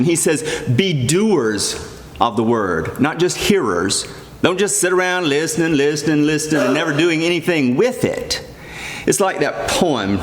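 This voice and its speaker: A middle-aged priest preaches earnestly and emphatically, leaning on repeated phrases in a sing-song voice at a measured pace; it sits a little high for a man. The church gives long, roomy reverb, with a little hiss or hum.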